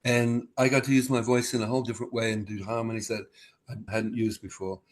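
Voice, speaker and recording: An older Australian musician, a guest in a casual video-call interview, tells rambling anecdotes and acts out the dialogue with shifting voices. He speaks quickly at a medium pitch with a level tone.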